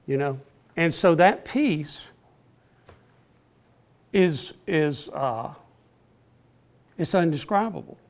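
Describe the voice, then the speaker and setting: An older man teaching an informal Bible class in an earnest, plainspoken, halting way. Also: a little high, animated.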